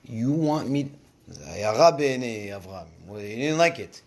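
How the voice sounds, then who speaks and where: Man, casual Torah lesson, animated storyteller, mid-pitched voice. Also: quick pace. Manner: animated storyteller, switches languages. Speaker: Torah teacher.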